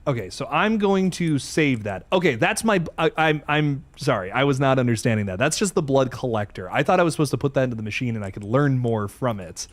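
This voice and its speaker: A man hosts a horror game let's play, chatting to his audience as he explores. His voice swings widely in pitch, from low mutters to high yelps. He is excitable and easily spooked, letting out curses when something jumps at him. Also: a little fast, few pauses. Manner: jumpy, excitable, swears when startled. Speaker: gaming channel host.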